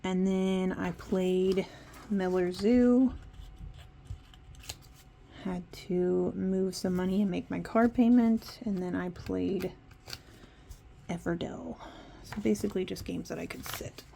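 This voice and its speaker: A woman's voice: on the low side, steady tone, slow pace, gravelly, long pauses, dark tone, a little hiss or hum. A woman vlogger chatting casually and rambling while she decorates her planner. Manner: chatty, rambling, self-interrupting.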